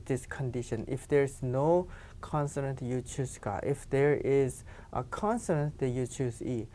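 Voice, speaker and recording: A woman's voice: extremely low pitch, darkish tone. A woman teaching a grammar lesson, explaining patiently and often saying "you know". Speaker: Korean language teacher.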